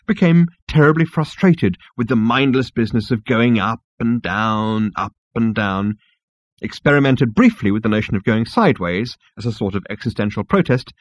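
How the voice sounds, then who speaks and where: Man, wry audiobook narrator, lively pitch, dry close sound, slightly dull audio. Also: dry recording. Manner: wry, expressive storytelling. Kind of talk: scripted comic narration.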